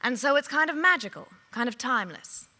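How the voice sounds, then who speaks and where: A woman's voice: high-pitched, animated, a little fast, bright, forceful tone. A woman voice actor speaking confidently and playfully on a convention panel stage. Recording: long hall reverb on stage.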